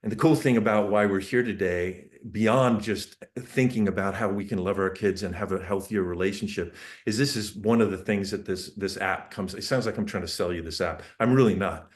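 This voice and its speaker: A middle-aged man giving a casual, excited talk on parenting, full of asides and quick restarts. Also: low voice. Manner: enthusiastic, rambling with asides and restarts. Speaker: parenting speaker.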